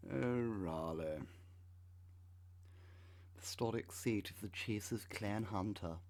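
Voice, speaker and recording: A man in his thirties with a deep, low-pitched voice talks slowly as he reads web pages aloud. He breaks off now and then with dry, sarcastic remarks, in the manner of a channel host giving a commentary. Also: darkish tone. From United Kingdom. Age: 30s. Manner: wry, sarcastic asides.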